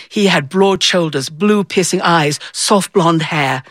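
A woman's voice: on the low side, slow pace, fairly bright tone, no echo. A woman telling a personal story to an audience, acting out the voices of the people in it. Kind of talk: live storytelling performance.

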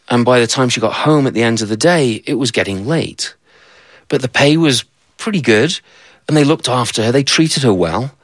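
A man's voice: fairly low pitch, fairly bright tone, no room sound. Conversational male folktale storyteller. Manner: conversational, asides to the listener. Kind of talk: told folktale.

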